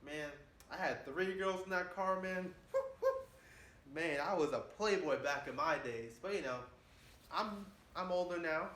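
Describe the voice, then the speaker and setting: A man's voice: high voice, measured pace, fairly bright tone. Boastful young man rambling, echoey room. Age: 20s. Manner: boastful, keeps saying "man". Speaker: vlogger. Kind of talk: rambling casual monologue. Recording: echoey room with faint hiss.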